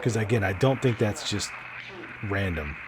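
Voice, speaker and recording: A man's voice: on the low side, lively intonation, normal speed, music in the background. Chatty man musing over a game. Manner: chatty, musing, laughs often. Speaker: gameplay video host. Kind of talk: casual gameplay commentary.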